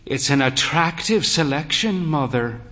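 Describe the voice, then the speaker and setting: Man voicing fey, thin late-middle-aged gent, wry mock-grand drawl, slow, bright tone. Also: on the high side, expressive, a little hiss or hum. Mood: jaunty.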